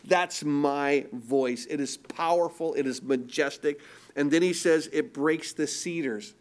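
Guy preaching a sermon, kinda high voice, goes from big and emphatic to soft, stumbles over repeated words. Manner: emphatic preaching, swings from loud to hushed; repeats words when restarting. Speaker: pastor.

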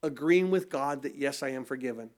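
A man's voice: mid-range voice, brisk, darkish tone. A middle-aged male pastor preaching a sermon, asking rhetorical questions and repeating phrases for emphasis.

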